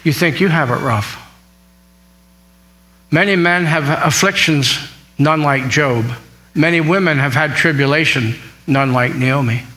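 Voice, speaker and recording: Male preacher, bright, high-ish voice; reads verses and paraphrases, asks the congregation questions. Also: a little slow, long pauses, low-quality recording. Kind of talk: sermon, Bible teaching.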